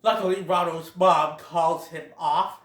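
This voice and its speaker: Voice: medium pitch, fairly even intonation, a little slow, fairly bright tone, echoey room. A film reviewer retelling a plot in a casual, chatty way, laughing along. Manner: chatty, laughs at own jokes.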